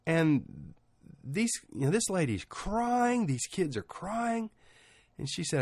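A man's voice: high voice, big pitch swings, slow pace, darkish tone, breathy edge, no room sound. A middle-aged man giving a conversational sermon and telling stories, rambling informally with many asides, his voice rising at emotional peaks. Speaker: preacher.

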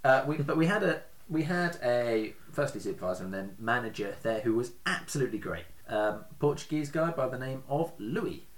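A man's voice: medium pitch, animated, normal speed, hardly any pauses. A man hosting a casual podcast, telling stories in a chatty way and laughing often. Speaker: podcast host.

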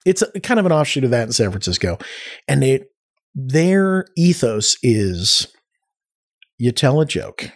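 A man telling stories in a casual podcast chat, animated and rambling, with many restarts. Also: medium pitch, measured pace. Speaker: podcast guest.

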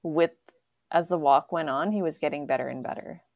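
A woman co-hosting a casual podcast, chatty and relaxed, telling stories with lots of "like". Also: deep voice, a little fast, dry recording, dull audio. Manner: chatty storyteller, uses "like" often. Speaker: podcast co-host. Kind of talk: casual chat.

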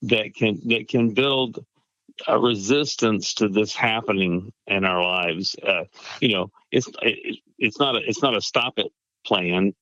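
Male pastor, reflective and thinking aloud, lowish voice, dull muffled recording. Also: unhurried, bright, forceful tone, dry recording. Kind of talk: casual conversation.

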